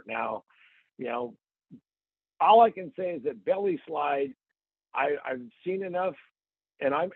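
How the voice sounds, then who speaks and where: Gravelly joking man on a tinny line. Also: fairly high pitch, dry recording. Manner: joking storyteller with playful asides. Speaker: podcast host. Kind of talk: casual comic podcast chat.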